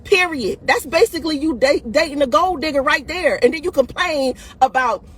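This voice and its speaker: A woman's voice: sits high, normal speed. A woman hosting a video, giving dating advice in blunt, profane casual talk, laughing often and tossing "listen" and "right?" at her audience.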